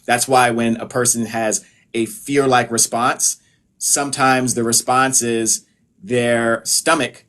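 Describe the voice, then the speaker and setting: Laid-back man explaining health tips. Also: medium pitch. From United States. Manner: relaxed, explanatory, many filler phrases. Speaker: holistic health practitioner. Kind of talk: casual live-stream talk.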